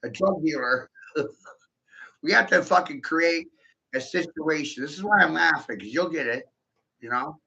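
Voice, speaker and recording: Brief: male vlogger, piercing tense tone with some gravel, giggly profane rant, dull lo-fi audio. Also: on the high side, normal speed, pauses often, bright, forceful tone. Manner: profane, giggly, keeps breaking into laughter; rhetorical, addresses the listener directly. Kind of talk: rambling stream-of-consciousness monologue. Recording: dull lo-fi recording.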